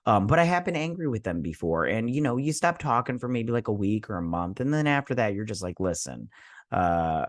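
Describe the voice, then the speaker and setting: A show host with a fairly low voice gives a casual recap and review of a TV episode, rambling and chatty, full of fillers and mild, offhand swearing. His pitch swings widely and he talks fairly quickly. The sound is dry and close, with no room or echo around it.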